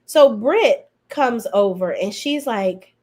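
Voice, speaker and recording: A woman's voice: on the high side, animated, takes it slowly, darkish tone. A woman hosting a podcast, giving a casual, blunt and sassy recap of a reality show in slangy talk. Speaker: podcast host reviewing reality TV. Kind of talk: casual opinionated recap commentary.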